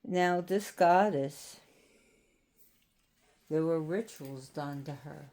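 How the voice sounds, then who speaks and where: A woman with a low, mellow voice talks through an occult presentation in a casual, meandering way. She takes her time and drifts into side remarks before pulling back on topic. Her delivery is relaxed and warm. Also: takes it slowly. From Florida, US. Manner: chatty and rambling, with frequent "so anyways".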